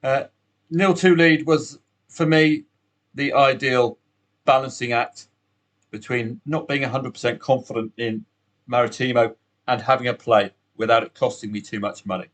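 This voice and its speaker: A man's voice: mid-range voice, steady tone, moderate pace, fairly bright tone. A man hosting a solo betting podcast, chatty and upbeat, with asides to the listener.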